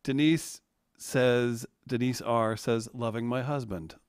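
A man's voice: mid-range voice, steady tone, takes it slowly, clean tone, no room sound, clean studio sound. A man working as a podcast producer, reading viewer chat comments aloud with chuckling, chatty asides.

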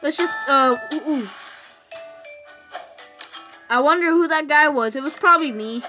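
High bright chatty young woman. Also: a little slow, muffled recording, faint music behind. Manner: rambling, chatty, self-interrupting with fillers. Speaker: gaming YouTuber. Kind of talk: casual let's-play commentary. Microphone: phone screen recording.

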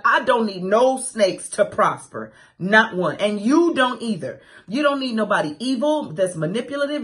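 A woman's voice: a little high, fairly bright tone. Preachy, sassy woman radio host. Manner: preachy, emphatic, repeats phrases for rhythm; sassy asides and laughing quips. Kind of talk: morning radio inspirational talk.

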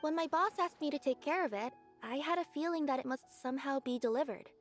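Sweet yokai courier girl, high and soft-spoken, voiced by a woman, game music under. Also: fast talker, close to an everyday voice. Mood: earnest. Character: gentle young female yokai courier.

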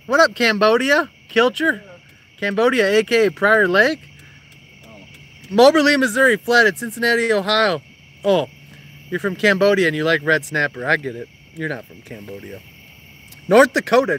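Bright, high-voiced young man on a night creek. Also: a little hiss or hum. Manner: teasing, reads viewer comments aloud. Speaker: fishing show host. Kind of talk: casual live-stream chat. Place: creek bank outdoors at night.

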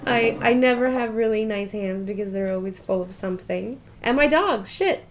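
A woman painter speaking candidly in a documentary interview, emotional and quick to laugh, swearing casually. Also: medium pitch. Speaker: painter interviewed about her life.

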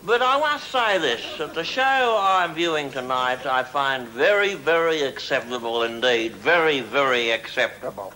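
In a 1970s TV comedy sketch, a man plays a drunk, crude, middle-aged Australian diplomat with a broad accent, giving a pompous, tipsy, rambling speech. His medium-pitched voice is animated, sharp, a little slow, and has few pauses. The low-quality broadcast has hiss, and a studio audience laughs.

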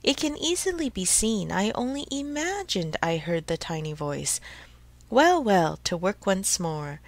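A woman's voice: medium pitch, big pitch swings, unhurried, no echo. A woman voicing a jittery old male carpenter who mutters to himself, in a storybook reading. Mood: muttering. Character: old, red-nosed male carpenter, easily frightened.

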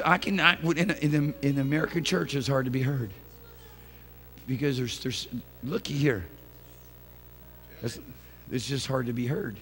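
A man preaching a sermon in church, swinging from quiet conversational asides to loud, impassioned bursts with folksy turns of phrase. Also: fairly high pitch, gravelly. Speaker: pastor. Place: church sanctuary.

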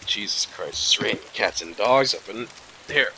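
A man's voice: on the low side, lively intonation, moderate pace, pushed and bright, a little hiss or hum, rough recording. A tired man hosting a late-night game video, muttering and cursing under his breath. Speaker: let's play host. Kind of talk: casual gameplay commentary.

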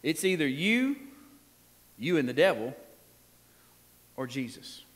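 Slow yet very animated, this man's fairly high voice carries his sermon through a church sanctuary with long hall reverb. As pastor, he preaches in a folksy, emphatic way, laughing often and prompting responses from the congregation.

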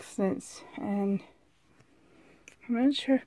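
Filmed on a handheld camera indoors, this casual vlog shows a woman chatting excitedly from a dim room at home. Her voice sits slightly high, her pace is slow and unhurried, and she occasionally slips into a hushed whisper.

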